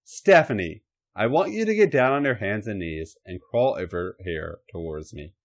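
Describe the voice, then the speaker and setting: A man voicing a commanding, sinister dark lord in a comedic erotic story reading, giving slow, domineering orders. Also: on the low side, expressive.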